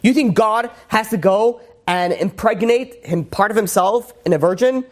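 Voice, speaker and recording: A man's voice: high voice, normal speed. A man, a rabbi, teaching a religious class in an emphatic way with rhetorical questions and frequent restarts. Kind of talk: religious lecture.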